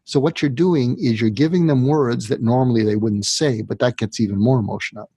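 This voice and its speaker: A man's voice: mid-range voice, fairly quick, dark tone, husky, no echo. A man, a psychiatrist, being interviewed, who explains his method step by step and now and then acts out what a troubled patient might say. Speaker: psychiatrist guest.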